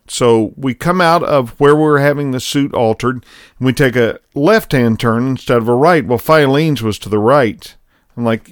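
A middle-aged man tells a story in a relaxed, folksy way, poking gentle fun at himself as it builds toward a spiritual point. His voice sits at an ordinary pitch for a man. The sound is dry and close, with no room around it. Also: moderate pace, no echo. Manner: folksy, conversational, self-deprecating. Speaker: program host. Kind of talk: storytelling monologue with spiritual lesson.

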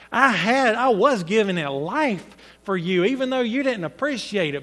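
A man preacher voicing a stern deity who gravely rebukes a wrongdoer during a sermon. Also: sits high, a bit bright. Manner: grave, reproachful. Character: stern grieving deity, male, confronting. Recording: echoey hall with long reverb.

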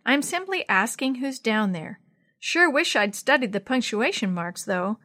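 Storybook son, earnest and urgent, high bright voice woman reading. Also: animated, a little slow. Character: earnest boy, the father's son.

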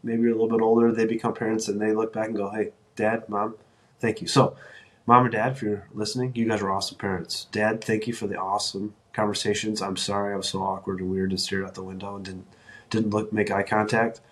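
A man's voice: on the low side, level tone, fast talker. A middle-aged man hosting a solo podcast, talking earnestly and encouragingly, often restarting his sentences. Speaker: podcast host.

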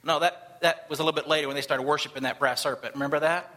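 A man preaching a sermon to a church congregation, telling stories and acting out the people in them with animated delivery. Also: fairly high pitch, very fast. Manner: animated, acts out quoted voices. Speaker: missionary pastor. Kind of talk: sermon storytelling. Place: church service.

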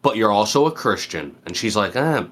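Low-voiced man, thoughtful chat. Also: sing-song, moderate pace, a bit bright. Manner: thoughtful, searching for words, many fillers. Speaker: podcast co-host. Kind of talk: casual chat.

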